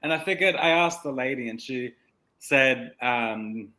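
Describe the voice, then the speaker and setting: A man's voice: mid-range voice, a little slow, pushed and bright. Easygoing man, lots of "like". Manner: easygoing, filler-heavy, says "like" often. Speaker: medium, co-host. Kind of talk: casual live-stream chat.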